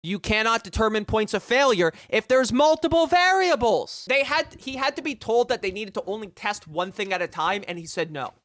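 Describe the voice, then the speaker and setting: A streamer reading news reports aloud during a live commentary, breaking off into sarcastic, profane rants. The voice is bright and sharp at a middle pitch. The sound is dry and close, with no room around it. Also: sing-song, moderate pace, hardly any pauses, no echo. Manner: reads passages aloud and reacts.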